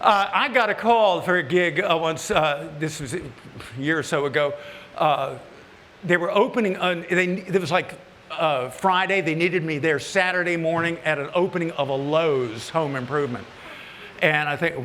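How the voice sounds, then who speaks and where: A man, a woodworking TV host, telling folksy, joking stories to a live audience, his voice climbing high when he gets worked up. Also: steady tone, normal speed, bright, forceful tone, slight background noise. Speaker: woodworking TV host giving a stage talk. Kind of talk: humorous storytelling to a live audience. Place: large hall at a woodworking event. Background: audience laughter.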